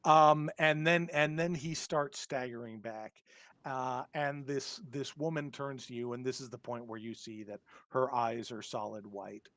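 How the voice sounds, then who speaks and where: A man narrates a tabletop horror session as game master, pausing often and filling gaps with "um". His voice sits at an everyday middle pitch. The sound is dry and close, with no room echo. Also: steady tone, a bit bright. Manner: hesitant, many filler words.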